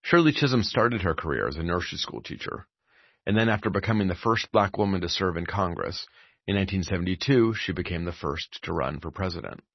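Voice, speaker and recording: Man, deep voice, gravelly, calm scripted podcast narration, dry and slightly dull sound. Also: a little fast, no echo. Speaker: podcast host.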